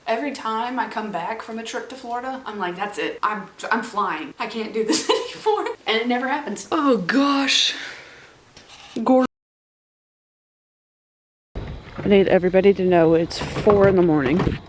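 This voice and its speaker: A woman's voice: medium pitch, expressive, moderate pace, pauses often. A young woman from Virginia chatting casually to her phone camera in a rambling, self-mocking way. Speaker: vlogger. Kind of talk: casual vlog chat. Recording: echoey room with background noise.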